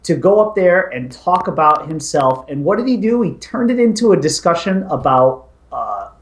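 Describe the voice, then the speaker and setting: Male co-host, opinionated movie banter, lively delivery, roomy echo. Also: fairly high pitch, moderate pace. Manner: opinionated, animated. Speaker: podcast co-host. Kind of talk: casual movie talk.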